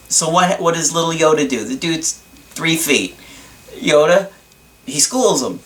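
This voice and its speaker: A man's voice: on the high side, very animated, unhurried, fairly bright tone. A man giving a casual motivational talk, earnest and emphatic, speaking directly to his listeners.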